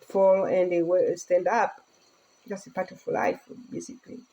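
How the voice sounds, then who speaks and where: A woman's voice: lowish voice, little pitch movement, a little slow, dark tone, poor audio. Earnest Tanzanian-born woman vlogger. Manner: earnest, speaking broken English with laughter. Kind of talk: casual personal vlog.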